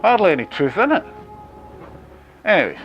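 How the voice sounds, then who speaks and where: A man's voice: sits high, big pitch swings, moderate pace. A Scottish man in his forties, talking to camera in a wry, chatty monologue full of jokey asides. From Scotland. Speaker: video blogger. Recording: muffled lo-fi with faint music.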